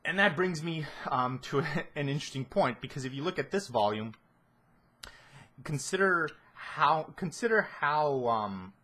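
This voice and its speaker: A man's voice: medium pitch, bright, forceful tone, husky. A man giving a casual spoken analysis of a series, rambling with many restarts and fillers and a sardonic edge. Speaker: video essayist.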